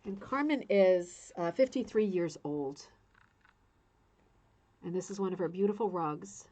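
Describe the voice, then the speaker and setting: A woman's voice: lowish voice, measured pace, warm tone. A woman hosting a casual craft-club video, talking through a book in a chatty, heartfelt way with many restarts. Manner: chatty, emotional, restarts often. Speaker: rug hooking club host.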